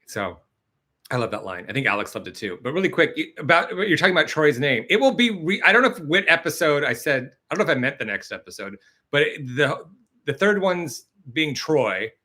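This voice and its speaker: A man chats casually on a live stream, rambling, laughing, and acting out lines. His voice is bright and lively, with pitch that climbs and falls a great deal. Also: a little fast. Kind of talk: casual chat. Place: home in Los Angeles.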